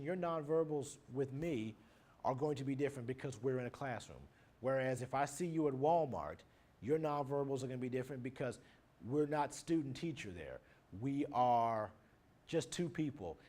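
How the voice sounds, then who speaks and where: Man, teacher, lecture, plain explaining, middle pitch. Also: darkish tone. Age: adult, married. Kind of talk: recorded lecture on nonverbal communication.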